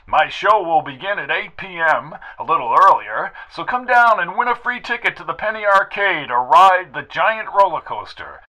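A man's voice: fairly high pitch, sharp tone, voice pushed up, heavily acted, poor audio. A man voicing a glib 1950s radio host with brash, wisecracking patter.

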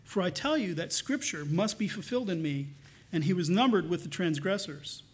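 A man preaching a sermon, earnest, swinging between loud emphasis and soft, hushed lines. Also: high-pitched, expressive, normal speed, breathy edge. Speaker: pastor.

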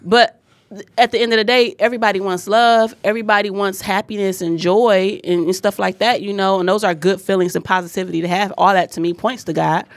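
A woman's voice: mid-range voice, fairly even intonation, fairly quick, no room sound. Blunt, profane woman preaching casually. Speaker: podcast co-host. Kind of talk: casual podcast chat.

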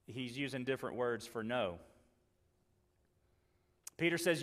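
A man preaching a sermon, earnestly acting out the dialogue he quotes and moving between loud emphasis and quiet asides. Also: mid-range voice, lively intonation, measured pace, big-room sound. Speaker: pastor.

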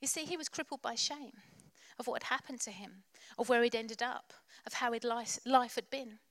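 A woman's voice: a little high, normal speed, a bit bright, no room sound. A woman preacher delivering a sermon in church, passionate and exhorting, with playful asides.

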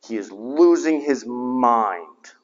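A middle-aged man, a chaplain, preaching a conversational sermon that swings between lively emphasis and hushed asides. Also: medium pitch, slow pace. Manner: animated, conversational preaching with sudden drops to a hushed voice. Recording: dull, slightly lo-fi sound with long hall reverb.

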